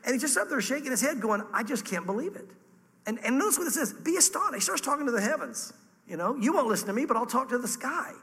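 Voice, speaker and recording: A man preaches a sermon with fervent emphasis, his voice very high and bright, leaping up and sinking low from phrase to phrase. His words ring out with a long hall reverb trailing behind them. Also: animated, quick pace. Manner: fervent, emphatic preaching with sudden pitch jumps and drops. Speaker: pastor.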